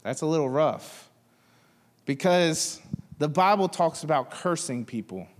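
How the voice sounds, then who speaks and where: A man's voice: a little high, animated, a little slow, big-room sound. A man in his thirties preaching a sermon, talking casually and joking with the congregation. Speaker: pastor.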